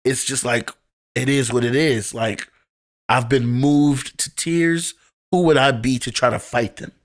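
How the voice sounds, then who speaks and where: A young man in his twenties talks candidly about his past on a podcast. His voice sits in a middle pitch. He tells an emotional story loosely, with the odd swear word and plenty of restarts. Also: steady tone, measured pace. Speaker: podcast guest. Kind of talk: casual storytelling.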